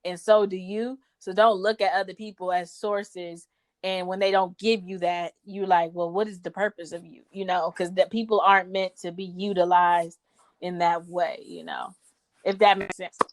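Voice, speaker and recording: A woman's voice: on the low side, little pitch movement, moderate pace. Blunt, playful woman podcast co-host. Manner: blunt, playful, swears casually. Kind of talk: casual chat.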